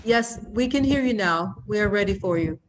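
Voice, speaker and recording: A woman's voice: medium pitch, expressive, normal speed, a crowd in the background. A woman moderating an online event, introducing speakers in a hesitant way with frequent fillers.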